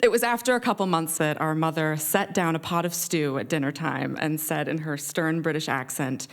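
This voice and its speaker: A woman in her twenties from central Massachusetts, telling a personal story on stage in a wry, expressive way with dramatic pauses. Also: low-pitched. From central Massachusetts, USA.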